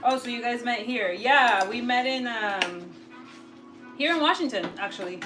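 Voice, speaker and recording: A woman's voice: on the high side, expressive, moderate pace, low-quality recording. A woman from San Diego co-hosting a casual cooking livestream, chatting in slang and reading out viewer comments. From San Diego, California, USA. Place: home kitchen. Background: background music.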